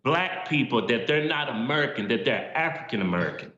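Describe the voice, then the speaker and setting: A male commentator with a bright, forceful voice, pitched a little high, who speaks with indignant emphasis. He is heard over a remote line that sounds echoey and dull. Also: lively intonation, brisk. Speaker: guest commentator. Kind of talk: political talk show discussion.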